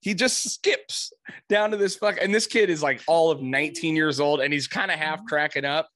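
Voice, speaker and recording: A man's voice: on the high side, moderate pace, no room sound. A middle-aged man telling a story in casual chat, swearing freely and acting out the people he quotes in raised voices. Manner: animated, profane, acts out quotes in raised voices.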